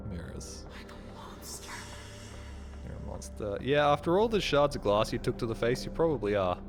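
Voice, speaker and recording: A man casually commenting while he plays a horror game live, rambling and joking, swearing and yelling at scares. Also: medium pitch, lively intonation, normal speed, faint music behind. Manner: rambling, jokey, swears, yells at jump scares. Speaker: streamer.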